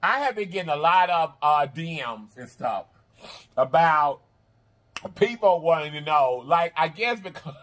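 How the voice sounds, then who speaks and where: Southern American man, high voice, sing-song half-singing drawl, casual vlog host. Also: animated, a little slow, fairly bright tone. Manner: drawling, repetitive, affectionate addresses to viewers. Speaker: mukbang channel host. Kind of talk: casual vlog chat to viewers.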